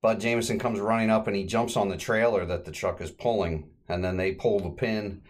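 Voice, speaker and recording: A man with a slightly low voice hosts a casual podcast. He walks through an old comedy short in a relaxed, rambling way, dropping fillers as he goes. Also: brisk. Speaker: podcast host.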